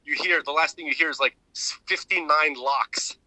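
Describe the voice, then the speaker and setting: A man co-hosting a podcast, retelling a story in a rambling, animated way with many restarts and fillers. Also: fairly high pitch, moderate pace, very noisy. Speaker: podcast co-host. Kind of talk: casual chat.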